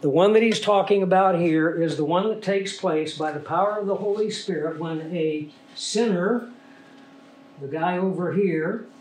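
A man preaching a sermon in a somewhat higher-than-usual voice, leading his listeners along with rhetorical questions. He sounds a little congested and stuffy. His delivery is the steady, explaining tone of a teacher. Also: moderate pace. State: congested from a sinus infection. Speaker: pastor.

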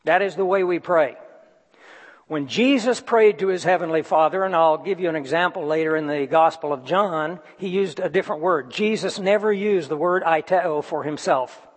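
A man preaching a sermon, speaking slowly with deliberate emphasis and reading passages aloud. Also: a little high. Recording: long reverb of a large hall.

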